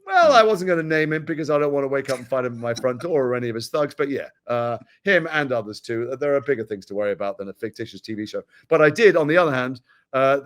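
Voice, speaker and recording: A man from Britain, talking frankly and wryly as an actor guest in an interview. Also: mid-range voice. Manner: animated, wry, frank, quick-talking. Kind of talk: candid interview conversation.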